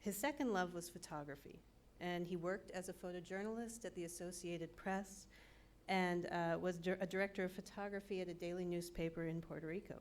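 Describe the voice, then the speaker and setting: Woman reading a speaker intro, lowish voice, little stumbles, podium mic. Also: slight background noise. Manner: reads a speaker biography, slightly halting. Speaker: department chair introducing speaker. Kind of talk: formal introduction.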